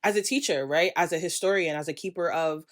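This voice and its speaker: Facing her camera, a young woman from the US vents with passion in a frank vlog, her voice slightly low. She is a creator who keeps dropping quick asides for emphasis.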